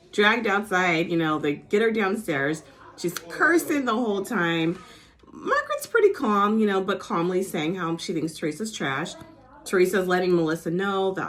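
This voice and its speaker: Somewhat slow and animated, with a lowish, fairly bright voice, a woman recaps a reality show episode in casual talk full of "like" and "you know," sometimes playing cast members in a fake New Jersey accent.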